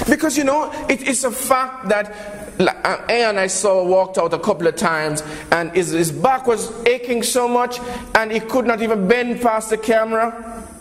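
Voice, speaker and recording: A man's voice: high voice, fairly bright tone. A man preaching a sermon, telling a parable and calling his listeners beloved. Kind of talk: sermon with storytelling. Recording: long reverb, faint background noise.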